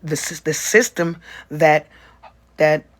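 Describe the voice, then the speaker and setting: Using a mid-range voice, a livestreamer chats casually with viewers, rambling and swearing while cutting himself off with quick explanations.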